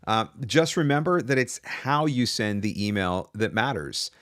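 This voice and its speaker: Chatty low-voiced man coaching live. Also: lively intonation, measured pace, a bit bright, smooth, dry recording, studio quality. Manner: chatty, loose, with fillers and restarts. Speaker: voice over business coach hosting a live Q&A. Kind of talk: casual live-stream advice talk.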